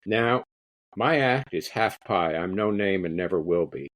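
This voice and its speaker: A man's voice: low-pitched, animated, a little slow, a bit bright, no echo. A man quoting a humble wartime entertainer. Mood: earnest. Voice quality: plain voice, no accent attempted. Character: humble wartime touring entertainer, modest and self-deprecating.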